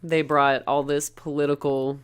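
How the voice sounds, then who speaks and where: Low-voiced woman podcast co-host. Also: flat delivery, smooth. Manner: retells scenes with quick voiced quotes and laughs. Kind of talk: casual film-discussion chat.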